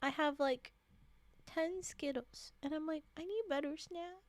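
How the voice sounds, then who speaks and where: A woman's voice: high-pitched, measured pace, noisy background. A woman reading a classic tale aloud on a livestream, breaking off for joking asides, her voice strained and short of breath. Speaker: storyteller streamer.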